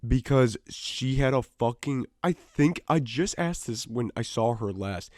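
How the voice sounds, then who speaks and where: A man co-hosting a podcast who rambles through long stories and swears freely. His voice sits at an ordinary middle pitch. The studio mic sound is close and dry. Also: animated, measured pace, darkish tone, dry recording. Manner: swears a lot, rambling storytelling. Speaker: podcast co-host. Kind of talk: casual podcast chat. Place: small studio.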